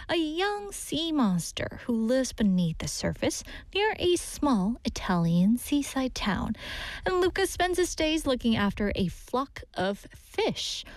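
A woman with a fairly high voice hosts an English lesson, with a lively, upbeat delivery. Her pitch swings widely from phrase to phrase. The sound is close and dry, with no room echo. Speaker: radio English teacher. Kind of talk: scripted lesson presenting.

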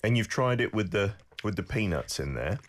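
Male co-host, low voice, animated inflection, eager tasting chatter. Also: normal speed. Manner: enthusiastic, chatty, eats while talking. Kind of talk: casual food-tasting chat.

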